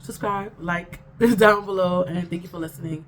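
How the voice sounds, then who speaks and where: A woman's voice: lowish voice, normal speed, a little hiss or hum. A woman vlogger telling a storytime in an exasperated, emphatic, repetitive way. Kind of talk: casual storytime rant.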